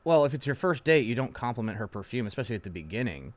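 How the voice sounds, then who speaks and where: A young man casually reacting to posts as a streamer, swearing freely, stammering through restarts and swinging from quiet asides to loud outbursts. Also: mid-range voice, big pitch swings, racing, dry recording. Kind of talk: casual profane reaction chat.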